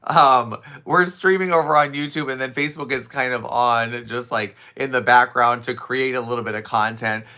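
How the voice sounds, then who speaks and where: A man live streaming and chatting casually to his viewers in an animated way, his voice a little raspy and worn from talking for hours. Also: mid-range voice, normal speed, few pauses. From Southwest Florida. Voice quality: slightly raspy, scratchy from overuse. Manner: chatty, animated, laughs often, talks to viewers' comments. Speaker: live streamer and fitness instructor. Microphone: streaming setup close to camera.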